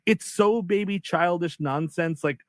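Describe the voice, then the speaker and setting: A man's voice: high-pitched, unhurried, dry recording. Male co-host, casual and rambling, close dry podcast sound. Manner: rambling rants, self-mocking asides. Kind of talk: casual movie review chat.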